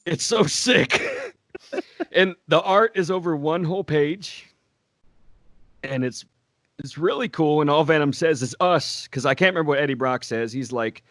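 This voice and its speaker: A man's voice: fairly high pitch, animated, normal speed, pauses often, a bit bright, dry recording, clean studio sound. A man putting on an old man voice as a podcast guest, laughing as he tells a story. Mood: storytelling. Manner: laughs through his own story. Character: slow-talking old man voice. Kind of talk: casual podcast chat.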